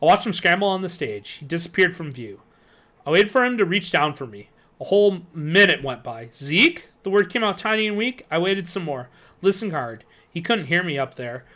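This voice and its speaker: A man reads a children's horror novel aloud on a live stream. His voice is bright and a little high, and he tells the story expressively. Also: sing-song, fairly quick. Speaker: streamer reading a book aloud.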